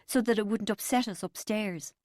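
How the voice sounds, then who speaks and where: A woman's voice: mid-range voice, normal speed, a little mellow, no echo, clean studio sound, pitched above the performer's own voice, natural voice. A woman reading the part of a distraught man in rehab, stammering and anguished as he denies the truth. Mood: pained.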